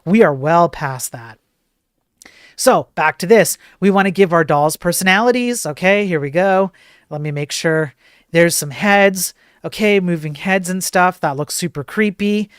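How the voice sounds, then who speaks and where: A man's voice: high voice, normal speed, fairly bright tone, smooth, no echo, studio quality. A man hosting a livestream, commenting casually on videos as he plays them, swearing often, repeating himself and reading on-screen text aloud. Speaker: livestream host.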